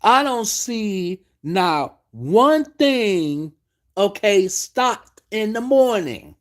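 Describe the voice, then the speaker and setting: Male stream host, exasperated profane ranter, unhurried delivery. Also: sits high, sing-song, fairly bright tone. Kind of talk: late-night live stream rant.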